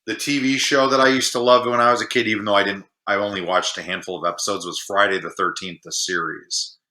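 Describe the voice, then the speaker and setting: A man's voice: lowish voice, fairly even intonation, quick pace, sharp tone. A man from Chicago with a Chicago accent, a screenwriter chatting as a podcast guest in a self-deprecating way. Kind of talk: casual podcast chat. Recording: echoey room.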